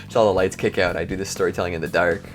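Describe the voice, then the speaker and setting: A man's voice: low-pitched, fairly even intonation, racing, faint music behind. A male video host, joking and poking fun at himself in a casual chat, recorded at home in his bedroom on a lavalier mic. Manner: joking, self-mocking, rambling. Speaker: host of a countdown video channel. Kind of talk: casual outro and blooper chatter. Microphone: lavalier microphone.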